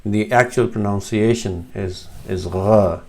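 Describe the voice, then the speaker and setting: In a slow instructional explanation, a man with a fairly low, creaky voice and darkish tone teaches Arabic letter sounds. He demonstrates each one patiently and corrects himself as he goes.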